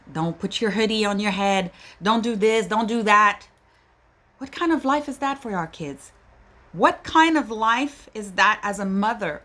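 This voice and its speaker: A woman speaks slowly and deliberately in a bright, forceful voice. Her monologue is impassioned and pleading, full of indignation as she addresses her listeners directly as a mother. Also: mid-range voice.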